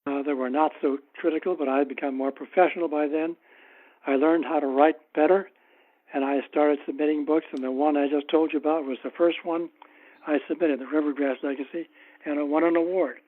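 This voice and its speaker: A man as an author guest in a casual interview, telling anecdotes in an unhurried, wry way. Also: on the high side, fairly even intonation. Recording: tinny phone-like line.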